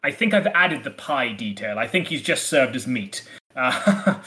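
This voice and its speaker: A man co-hosting a podcast in casual discussion, animated and playfully acting out quoted lines. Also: medium pitch, unhurried. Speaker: podcast co-host.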